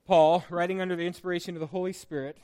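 Male pastor, middle-aged, higher-pitched, relaxed storytelling sermon delivery. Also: racing, smooth. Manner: conversational storytelling with frequent fillers and restarts.

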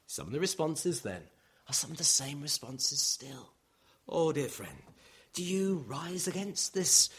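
A man preaching a sermon, acting out the objections of his listeners and chuckling now and then. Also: medium pitch. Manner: animated, acts out voices of listeners, occasional chuckles.

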